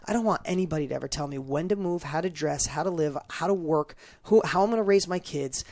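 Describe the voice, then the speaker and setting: A middle-aged man talks fast, in a gravelly voice pitched a little high. He tells an emotional personal story as a show guest and stumbles over repeated words. The sound is dry and close, with no room echo. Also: a little mellow. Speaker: podcast guest, entrepreneur.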